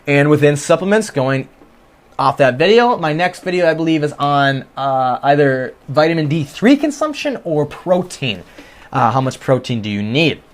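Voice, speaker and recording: A man's voice: on the high side, lively intonation, moderate pace. A young man hosting his own podcast from his bedroom, talking through his thoughts in an earnest, rambling way with many restarts. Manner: earnest, rambling, self-reflective with frequent restarts. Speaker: podcast host. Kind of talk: casual solo podcast monologue. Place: home bedroom.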